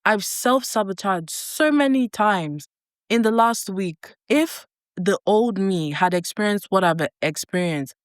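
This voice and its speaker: A woman's voice: medium pitch, expressive, a little slow, dry recording, clean studio sound. A woman giving an earnest motivational talk to camera, repeating herself for emphasis. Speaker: life coach and vlogger.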